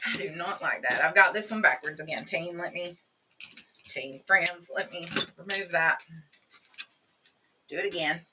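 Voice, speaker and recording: A woman's voice: lowish voice, moderate pace, distant mic, noisy background. A woman hosting a live crafting demonstration, chatting with viewers as she works. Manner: chatty, talks to viewers while working. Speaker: craft tutorial host.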